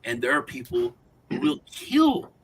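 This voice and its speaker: A man's voice: mid-range voice, huge pitch swings, measured pace, slight background noise, poor audio. A man co-hosting a casual roundtable chat, telling long rambling anecdotes. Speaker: co-host.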